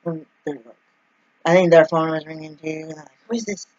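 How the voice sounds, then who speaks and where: A woman's voice: deep voice, completely flat delivery, brisk, a little mellow, dry recording, highs cut off. A woman telling a casual, rambling story full of filler words and acting out the lines of the people in it. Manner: acts out quoted dialogue. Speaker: vlogger.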